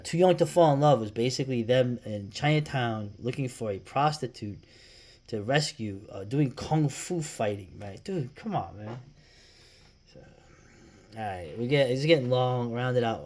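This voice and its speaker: A middle-aged man from New York, talking casually and at length as host, rambling, swearing freely and trailing off into quiet mumbles. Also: medium pitch. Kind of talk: casual solo commentary.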